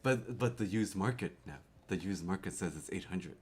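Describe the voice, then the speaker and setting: A young man from Canada chatting casually on a live stream, excitable, laughing often and repeating his words. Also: low-pitched, normal speed, breathy edge. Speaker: keyboard streamer.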